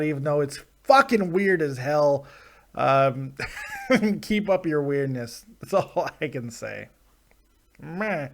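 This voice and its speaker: A man hosting a casual live-stream show, ranting with profanity and sarcasm while reading viewer chat. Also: fairly high pitch. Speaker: host.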